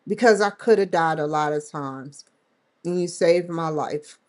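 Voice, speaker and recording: A woman's voice: low voice, unhurried, darkish tone. Rambling, laughing woman vlogger. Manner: rambling, laughs often, acts out dialogue in quotes. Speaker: vlog host. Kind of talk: casual chat to camera.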